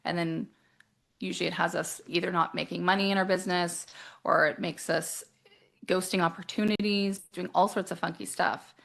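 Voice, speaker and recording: A woman coach talking casually in an interview, animated, acting out quoted voices and laughing often. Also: on the low side, moderate pace, gravelly.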